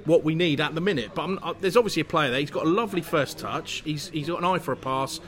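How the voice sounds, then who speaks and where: A man who works in local radio, a guest chatting about football in a pub, animated and full of restarts. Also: on the high side, quick pace. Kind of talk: casual panel chat.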